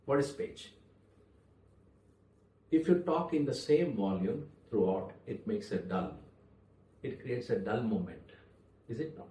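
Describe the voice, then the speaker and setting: A man gives a public speaking lesson in a mellow, dark voice. He talks in measured phrases, pausing on purpose and leaning on key words. He sounds a little far from the mic in an echoey room. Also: mid-range voice, expressive. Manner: measured, with deliberate pauses and stressed words. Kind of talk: spoken lesson to camera.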